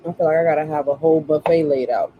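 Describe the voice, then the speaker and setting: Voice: medium pitch, steady tone, fast, slightly rough, highs cut off. A tarot reader in casual live-stream chat, joking and chatty with plenty of slang.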